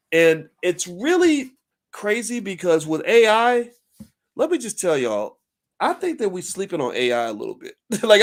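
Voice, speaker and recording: A middle-aged man giving casual commentary straight to camera, animated and often repeating words as he works through a thought. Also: a little high. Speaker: finance commentator.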